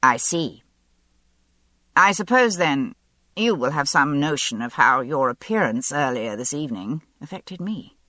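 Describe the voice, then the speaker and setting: Woman reading a cool ironic gentleman. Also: low-pitched, animated, a little slow, no room sound, studio quality, full character voice. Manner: self-possessed, ironic. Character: composed, ironic male governor, dry wit. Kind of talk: audiobook character voice.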